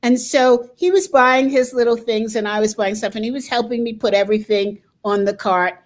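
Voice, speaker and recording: A woman's voice: fairly high pitch, normal speed. An older woman hosting a talk show, telling stories with frequent laughter in a casual conversation. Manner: laughs often, lively storytelling.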